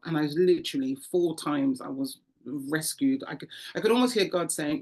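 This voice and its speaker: Brief: low-pitched woman, interview guest, animated testimony with acted-out voices. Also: brisk, vocal fry, few pauses. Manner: animated storyteller, acts out voices, frequent repetitions. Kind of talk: emotional testimony.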